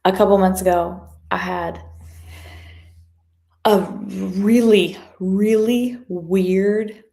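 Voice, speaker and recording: A woman giving a motivational talk as a guest speaker, telling a story from her work in an animated way and acting out the people in it. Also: on the low side. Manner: animated, acts out quoted voices.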